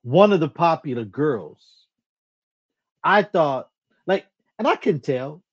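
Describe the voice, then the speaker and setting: A podcast co-host slowly spins a story, with a voice that rises and falls widely as they act out the quoted lines. The sound is a bit dull and lo-fi. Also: mid-range voice, slightly rough. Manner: animated retelling, acts out quoted dialogue, laughs at self. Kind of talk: casual chat, storytelling.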